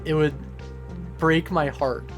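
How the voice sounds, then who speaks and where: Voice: medium pitch, fairly even intonation, slow, faint music behind. A streamer chatting casually with a live audience, goofy and rambling, with lots of fillers. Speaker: streamer answering chat. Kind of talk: casual livestream chat.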